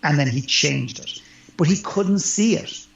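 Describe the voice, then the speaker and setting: A man's voice: on the high side, expressive, unhurried, creaky. A man who works as a life coach, speaking earnestly and emphatically as an interview guest. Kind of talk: conversational interview. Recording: roomy, dull lo-fi sound.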